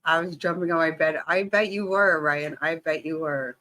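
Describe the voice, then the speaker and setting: A woman hosting a casual livestream, greeting her viewers by name in a bubbly, excitable way and laughing often. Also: sits low, moderate pace, low-quality recording. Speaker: livestream host.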